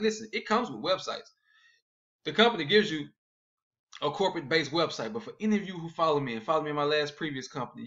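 Man, excited sales pitch, fast, "all right?" after every point, slightly high voice, lo-fi audio. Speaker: network marketing promoter. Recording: dull lo-fi video audio.

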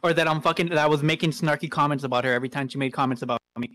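Fast-talking defensive man on a call. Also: on the high side, sharp tone, no echo. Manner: defensive, joking, profane. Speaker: co-host. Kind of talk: heated online group call argument.

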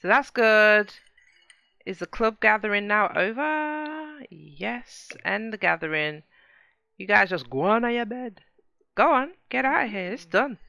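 Woman gamer, chatty and excitable, bright tone, easy slow delivery. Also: medium pitch, creaky, dry recording, clean studio sound. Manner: chatty, exclaims at the game, talks to viewers. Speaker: gaming channel host. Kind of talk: casual let's play commentary.

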